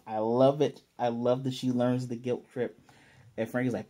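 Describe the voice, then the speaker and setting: A man's voice: medium pitch, level tone, moderate pace, dark tone. A man casually recapping an anime episode, animatedly paraphrasing the characters' lines. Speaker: anime reviewer.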